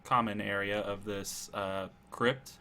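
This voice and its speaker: A man narrating as game master in a tabletop game, in a relaxed, halting way. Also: lowish voice.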